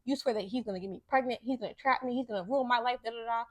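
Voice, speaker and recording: A woman's voice: fairly high pitch, racing, dry recording. Young woman podcaster, dry close sound. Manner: candid, profane storytelling, grows heated when ranting. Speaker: podcast host. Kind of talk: casual monologue.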